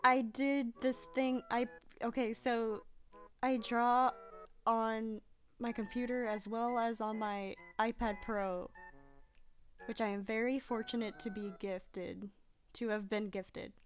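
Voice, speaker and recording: A woman's voice: fairly high pitch, flat delivery, takes it slowly, faint music behind. A young adult woman streaming casually as she draws. She rambles, restarts and rephrases herself, laughs often and swears casually. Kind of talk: casual chat while drawing.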